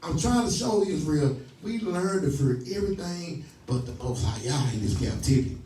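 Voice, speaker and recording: A high-voiced man preaching with emphatic call-and-response, stopping his reader again and again to repeat and question the scripture. He slips into folksy, laughing stories. The voice sits back from the mic in a roomy, echoey space with faint noise underneath. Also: expressive, normal speed, mellow, distant mic. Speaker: teacher leading a scripture study.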